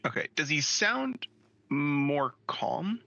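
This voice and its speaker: A man playing a tabletop game as a player, calm, gentle and deliberate. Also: a little high, creaky, dry recording, muffled recording.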